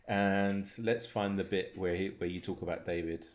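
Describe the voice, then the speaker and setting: A man's voice: sits low, steady tone, normal speed. A man from England, hosting a podcast in casual chat, laughing and swearing as he reads out group chat messages. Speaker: podcast host.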